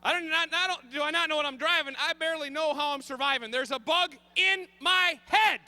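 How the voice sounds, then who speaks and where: A man in his thirties telling a comic story on stage, animated and frantic, bursting into shouts. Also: extremely high pitch, fairly quick. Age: 30s. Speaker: comedian.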